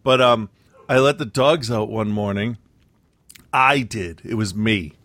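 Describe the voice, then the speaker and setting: A man co-hosting a casual podcast, talking in a low register. He tells stories loosely, trailing off and restarting with frequent fillers. His voice sounds dry and close, with no room around it. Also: measured pace, a bit bright, no room sound. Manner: rambling, hesitant storytelling with many fillers. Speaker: podcast co-host. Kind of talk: casual chat.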